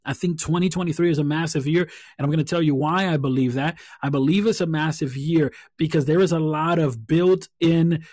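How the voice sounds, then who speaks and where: A man with a fairly high voice hosts his own podcast alone. He talks earnestly and reflectively, circling back over his words as he thinks aloud. The sound is dry and close. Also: a little fast, hardly any pauses, a little mellow, dry recording. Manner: earnest, repeats phrases while thinking aloud. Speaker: podcast host. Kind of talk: reflective solo podcast talk.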